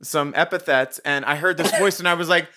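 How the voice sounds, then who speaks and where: Bright, smooth-voiced playful male host. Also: a little high. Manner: playful, effusive, quick to laugh. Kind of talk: casual interview chat.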